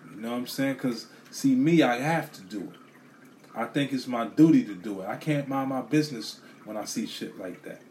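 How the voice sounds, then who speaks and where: Give me an animated man on a profane storytelling rant, middle-pitched, with a faint drip of water behind him. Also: moderate pace, slight background noise. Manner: animated, swears a lot, repeats himself.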